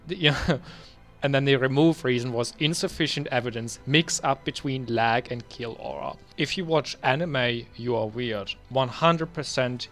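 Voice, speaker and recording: A young man talking casually while reviewing his old game bans. He mutters asides to himself and then bursts into loud, exasperated ranting. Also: mid-range voice. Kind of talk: casual screen-recorded commentary.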